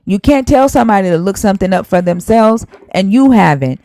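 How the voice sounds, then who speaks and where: A woman's voice: medium pitch, expressive, brisk, warm tone, no room sound, poor audio. A woman hosting a live stream, arguing heatedly and scolding a viewer while citing scripture verses. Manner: emphatic, scolding, cites scripture.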